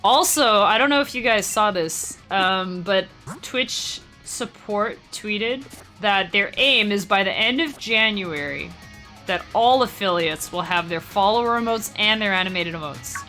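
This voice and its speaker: A woman's voice: mid-range voice, lively intonation, pushed and bright, soft background music. A young woman streaming a game live, chatting casually with her viewers and laughing easily. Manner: chatty, talks to chat, quick laughs. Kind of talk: casual live-stream chat while gaming.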